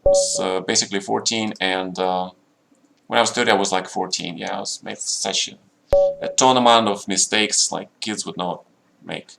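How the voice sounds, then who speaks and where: A man's voice: deep voice, normal speed, creaky, a bit bright, faint music behind. A middle-aged man telling a long story on a live chess stream, checking in with listeners as he rambles, in slightly broken English. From Russia. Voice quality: slightly broken non-native grammar. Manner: rambling, keeps checking in with "yeah?".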